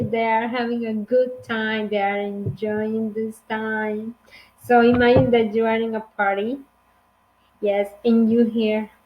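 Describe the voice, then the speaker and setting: Slow-talking Honduran teacher woman. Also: fairly high pitch, a little mellow, poor audio. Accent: Honduran Spanish. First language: Spanish. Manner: slow, clear teacher talk with playful acted examples. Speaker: English teacher. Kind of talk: online English lesson.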